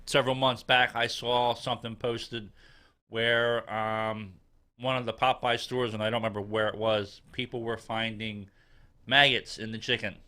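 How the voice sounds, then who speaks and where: A man co-hosting a casual podcast, speaking in a dry, measured way with some hesitations. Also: mid-range voice, little pitch movement, bright, forceful tone, smooth. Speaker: podcast co-host.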